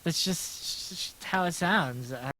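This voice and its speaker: Gentle smooth-voiced American man. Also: fairly high pitch, unhurried, rough recording. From United States. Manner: rambling, self-deprecating, answers chat aloud. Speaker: livestreaming artist. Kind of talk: casual livestream chat while drawing.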